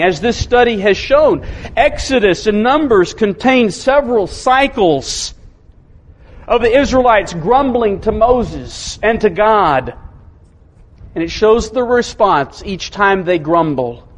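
A man preaching a sermon as pastor, speaking emphatically, repeating key phrases and slowing down to stress them. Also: sits high. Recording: muffled with faint background hiss.

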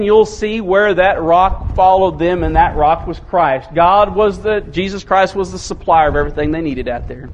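A man preaching a sermon as pastor, speaking emphatically, repeating key phrases and slowing down to stress them. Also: sits high. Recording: muffled with faint background hiss.

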